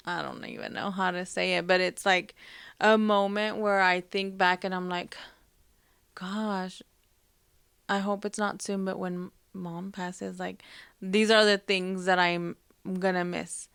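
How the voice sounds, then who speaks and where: Slow, soft-spoken woman host. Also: fairly low pitch, fairly even intonation, gravelly, clear, resonant tone, no echo, clean studio sound. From Hispanic family, Spanish-speaking mother. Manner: soft, reflective, halting with many fillers. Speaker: podcast host. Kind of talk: personal storytelling.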